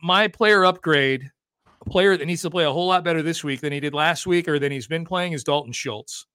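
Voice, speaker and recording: A man hosting a sports talk podcast, chatty and energetic, talking quickly about football. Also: fairly high pitch, clean tone, dry recording, studio quality. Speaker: podcast host.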